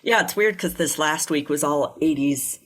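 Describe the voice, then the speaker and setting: A woman's voice: low voice, moderate pace. A woman co-hosting a podcast, telling a true-crime story in a chatty way, swearing freely and quoting people in little voices. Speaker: podcast co-host.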